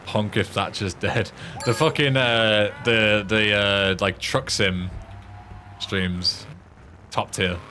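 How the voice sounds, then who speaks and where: English male streamer, low voice, laid-back, sweary, self-deprecating, faint hum behind him. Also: steady tone, takes it slowly, pushed and bright. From England. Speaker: game streamer. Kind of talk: casual gaming commentary.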